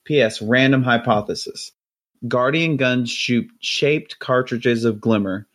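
Salty Southie Boston fan, voiced by a male podcaster, mid-pitched, reading a letter. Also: a little slow, fairly bright tone, lightly acted. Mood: chatty. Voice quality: exaggerated salty Southie drawl. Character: listener writing in, read aloud, adult man. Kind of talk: reading a listener letter aloud.

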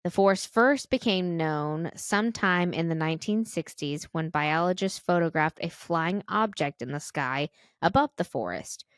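An American woman co-hosting a podcast, chatting casually and retelling a spooky story, animated and giggly. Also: fairly low pitch, normal speed, clear, resonant tone, dry recording, studio quality. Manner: animated and giggly, acts out reactions. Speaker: podcast co-host.

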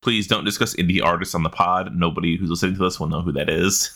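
A man's voice: low-pitched, steady tone, fast, creaky, pushed and bright. A man in his thirties co-hosting a podcast, joking around and swearing freely in casual chat. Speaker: podcast co-host.

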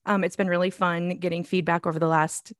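A woman's voice: fairly low pitch, flat delivery, a little fast, dry recording, studio quality. A woman in her forties co-hosting a casual faith podcast, chatty and laughing often, a little out of breath. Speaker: podcast co-host.

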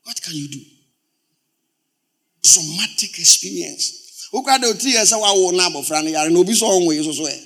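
Animated high-voiced male pastor preaching. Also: moderate pace, long pauses. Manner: swings from loud exclamations to low, quiet storytelling; repeats words for emphasis. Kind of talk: sermon.

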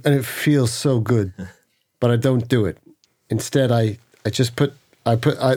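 A man's voice: mid-range voice, mellow. A man at a tabletop game who narrates his character's moves in a stammering way, repeating words as he goes. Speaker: player.

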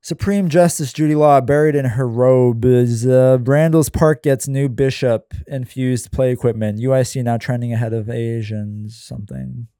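Deadpan man reading a screenplay. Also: medium pitch, normal speed, few pauses, clean tone, no room sound, studio quality. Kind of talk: reading his own screenplay aloud.

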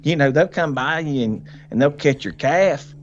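A man telling a hunting story as a podcast guest, animated and folksy, laughing often and acting out what people said. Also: fairly high pitch, moderate pace, dull audio. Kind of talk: casual storytelling.

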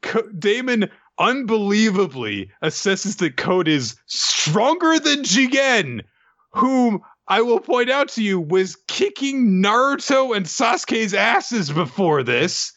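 Male host, bright and tense tone, animated comic recap, dull lo-fi audio. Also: high-pitched, slow pace. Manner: animated, laughing, acts out quotes in comic voices. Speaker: podcast co-host. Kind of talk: casual chat recapping a manga chapter.

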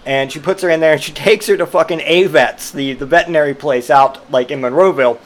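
A man's voice: a little high, quick pace. A man telling a rambling personal story, swearing freely and amused, with lots of fillers and restarts. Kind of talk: casual storytelling monologue.

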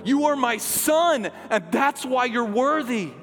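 A passionate middle-aged male pastor preaches with a notably high-pitched voice. His delivery is emphatic and driven, easing into soft, hushed lines. Music plays under him, and the church hall rings with a long reverb. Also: takes it slowly. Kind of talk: sermon. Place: church sanctuary.

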